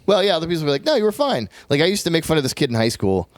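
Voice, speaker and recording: A man's voice: on the high side, very animated, rapid-fire, no echo. A man co-hosting a podcast, chatting casually in a rambling, self-deprecating way and laughing often. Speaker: podcast co-host.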